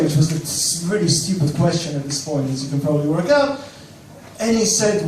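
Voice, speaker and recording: A man in his thirties from Australia, telling a live story in a self-mocking, lively way. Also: on the high side, fairly quick. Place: cafe stage. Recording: echoey room, distant mic, faint noise.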